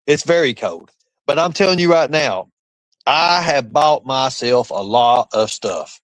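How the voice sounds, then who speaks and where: A man rambles boastfully to his viewers on a livestream, his voice leaping up and down in pitch. The sound is dry and close. He mentions being cold as he talks on. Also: animated, unhurried, dry recording, poor audio. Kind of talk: boastful casual livestream rant.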